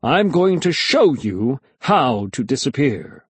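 A man voicing a showy male stage magician who speaks slowly and dramatically. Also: medium pitch, very animated, slightly rough, no echo, heavily acted. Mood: ominous. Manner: slow, dramatic, theatrical.

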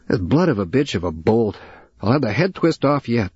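A man voicing a gruff middle-aged father who is fixing a truck. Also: mid-range voice, big pitch swings, moderate pace, darkish tone, no room sound, dull audio, voice pushed up.

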